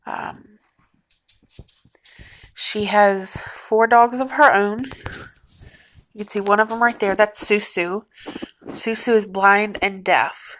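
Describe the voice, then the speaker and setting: A young woman speaks slowly and gently, often dropping to a near whisper. She pauses and restarts as she tries to hold back tears. A faint noise sits under her voice indoors. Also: medium pitch, fairly even intonation, low-quality recording. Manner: soft, halting, on the verge of tears. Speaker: vlogger. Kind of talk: emotional personal vlog. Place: a house, indoors.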